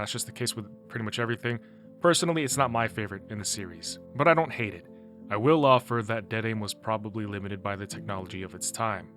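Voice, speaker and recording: A man recaps a video game story in a loose, chatty way and is quick with opinions and laughs. His voice sits at a middle pitch, with faint music underneath. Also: a bit bright. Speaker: gaming video host. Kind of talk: casual story recap commentary.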